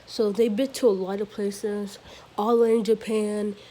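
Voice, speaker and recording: A woman's voice: mid-range voice, level tone, measured pace, dark tone. A woman improvising a fan-fiction story, rambling and correcting herself as she goes, with fillers and small giggles.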